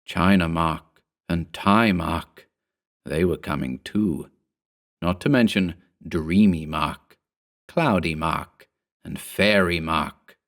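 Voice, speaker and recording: A man giving a scripted horror narration in a measured, steady storytelling manner. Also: sits low.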